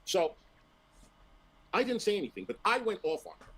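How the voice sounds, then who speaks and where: Husky, aggrieved male streamer ranting. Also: sits high, wildly swooping pitch, normal speed, a bit bright, low-quality recording. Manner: aggrieved, defensive, profane. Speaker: streamer shown in a played clip.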